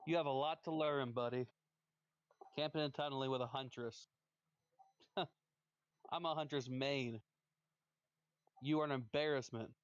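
A man's voice: medium pitch, fairly even intonation, a little slow, pauses often, dull audio. A man trash-talking another player on a stream voice chat, scornful and taunting, repeating his insults. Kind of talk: trash talk between matches.

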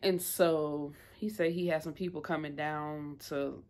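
Woman vlogger reviewing an episode, low-pitched, loose and talkative, rambles with fillers. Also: steady tone, unhurried, darkish tone. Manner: chatty, rambling, many fillers. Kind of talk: casual episode recap.

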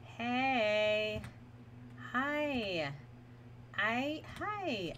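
A woman's voice: fairly high pitch, big pitch swings, unhurried, pauses often, noisy background. A woman streamer giving casual commentary over a horror game, chatting to her viewers, laughing often and nervously talking herself through it. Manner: chatty, talks to chat while playing, laughs often; nervous self-reassurance while playing a horror game.

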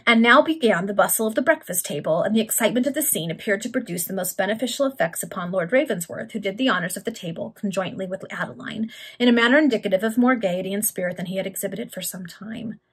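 A woman reads an old serial novel aloud among friends and is amused by the text. Her voice is breathy and of medium pitch. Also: quick pace. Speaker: reader. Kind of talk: reading a Victorian serial aloud.

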